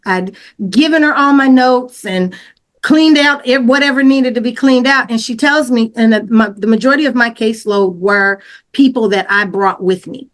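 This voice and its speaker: A woman telling her own story as a podcast guest, casual and slangy, acting out what she said back then with lots of fillers and restarts. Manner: animated retelling, acts out her own quoted lines louder and higher.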